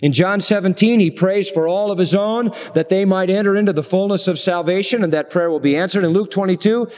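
A middle-aged man preaching a sermon, slowing down for emphasis and asking the congregation rhetorical questions. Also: high-pitched, darkish tone, in a large hall.

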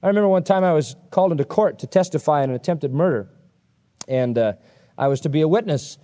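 A man's voice: a little high, fast talker. A man preaching an expository sermon, emphatic and conversational, telling stories from his own life. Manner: animated, emphatic, conversational storytelling.

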